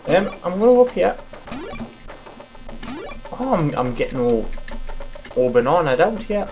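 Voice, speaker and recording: A woman's voice: low-pitched, big pitch swings, unhurried, darkish tone, faint music behind, rough recording. A woman reviewing a game, rambling and swearing at it as she plays. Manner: mutters and swears at the game, self-deprecating. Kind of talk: rambling gameplay commentary.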